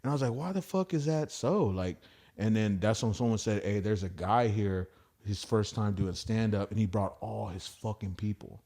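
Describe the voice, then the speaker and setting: A man's voice: on the low side, moderate pace, warm tone. A man who does stand-up, a podcast guest telling stories in a rambling, profane way and acting out the voices of people he quotes. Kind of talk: casual podcast storytelling.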